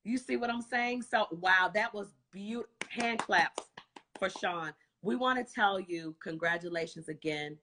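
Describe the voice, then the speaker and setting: A woman's voice: medium pitch, unhurried, background noise. A woman hosting a live stream show, gushing and effusive in casual chat.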